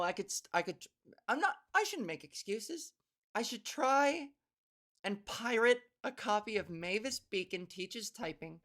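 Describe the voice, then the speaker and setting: A woman's voice: mid-range voice, fairly bright tone. A woman podcast host and comedian doing a rambling, profane solo monologue. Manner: rambling, profane, self-interrupting.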